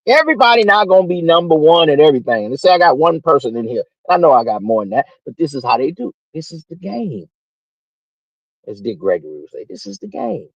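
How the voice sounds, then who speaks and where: On a livestream, a man with a slightly nasal, somewhat high voice rants unscripted in a brash, preachy style, going from loud to muttered asides. He talks fast with few pauses and big pitch swings, captured in a dry recording with dull audio.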